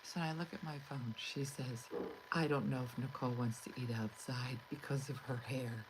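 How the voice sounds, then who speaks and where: Middle-aged woman comedian, low voice, animated exasperated storytelling, light background hiss. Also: moderate pace, poor audio. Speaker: comedian host. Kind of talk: storytelling monologue.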